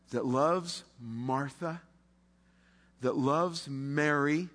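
A man preaching a sermon, impassioned, swinging between loud declarations and hushed, drawn-out pauses. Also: high-pitched. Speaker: pastor. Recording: long reverb of a large hall.

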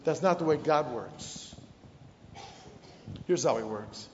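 A man preaching a sermon as pastor, firing off rhetorical questions and dropping to a hush to drive points home. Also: mid-range voice, lively intonation, takes it slowly, pauses often, a little hiss or hum. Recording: dull, echoey hall sound.

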